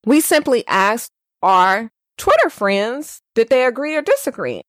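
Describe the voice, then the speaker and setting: A woman's voice: a little high, big pitch swings, a little slow, a bit bright, no room sound, clean studio sound. A woman co-hosting a casual racing podcast, chatting and reading listener comments aloud. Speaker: podcast co-host.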